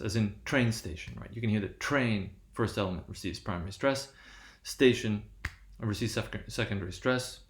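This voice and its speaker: A linguistics lecturer with a lowish voice gives a classroom lecture on stress patterns in an echoey room. He explains things step by step, frequently checking in with "right?" and correcting himself.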